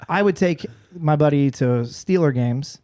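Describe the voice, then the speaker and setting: A man in his forties, a podcast guest and former radio personality, telling a story in a casual, animated way with frequent restarts. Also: on the high side, normal speed.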